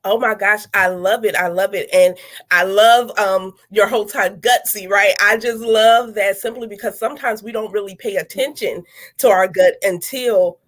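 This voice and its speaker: A woman's voice: medium pitch, normal speed, a bit bright. A woman, hosting a talk show, emphatic and encouraging, repeating her phrases. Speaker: host.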